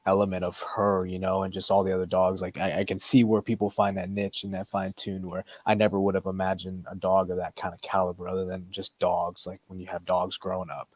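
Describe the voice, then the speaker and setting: A man's voice: low voice, monotone, a little fast, hardly any pauses, a little mellow, dry recording. A man hosting a podcast, chatting in a loose, rambling way with lots of fillers and restarts. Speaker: podcast host. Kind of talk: casual podcast chat.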